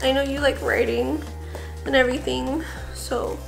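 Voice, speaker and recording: A woman's voice: high-pitched, fairly even intonation, moderate pace, creaky, over music. A young woman vlogger chatting casually about her Christmas gifts, gushing and full of fillers. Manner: gushing, chatty, repeats fillers like "like" and "I don't know". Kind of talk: casual vlog chat.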